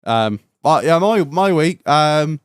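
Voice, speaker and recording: A young British man, a podcast host, telling a story in casual chat, animated, swearing and laughing as he goes. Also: a little high, takes it slowly, smooth, dry recording, clean studio sound.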